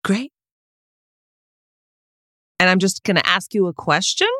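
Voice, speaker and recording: A woman co-hosting a comedy podcast over a video call, giggly and quick to tease back. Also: lowish voice, expressive, sharp tone, dry recording, clean studio sound. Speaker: podcast co-host. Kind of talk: casual comedic chat.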